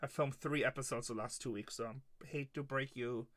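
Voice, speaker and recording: A man's voice: medium pitch, steady tone, moderate pace, a bit bright, dry recording. A middle-aged man hosting a live card-breaking stream, joking and trash-talking with viewers by name. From Texas. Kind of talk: live stream casual chat while opening cards.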